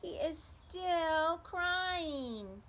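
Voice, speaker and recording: A woman's voice: very high-pitched, extremely slow. A young adult woman, a preschool teacher, reading a story aloud to children and asking them questions. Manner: animated, asks children questions.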